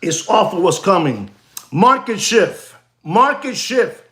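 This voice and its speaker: A man's voice: high-pitched, sing-song, slow pace, bright, forceful tone, reverberant. A man hosting a livestream as a watch dealer, ranting emphatically, repeating himself and dropping Spanish phrases.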